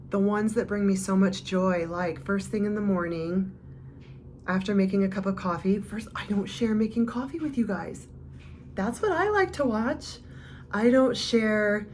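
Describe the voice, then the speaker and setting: A woman vlogger talks slowly and unhurriedly, as if chatting with close friends. Her voice sits at an ordinary middle pitch, and she is heartfelt and a little rambling. Faint background noise runs under her voice. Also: darkish tone. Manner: slow, heartfelt, rambling, speaks straight to viewers. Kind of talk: casual reflective talk to camera.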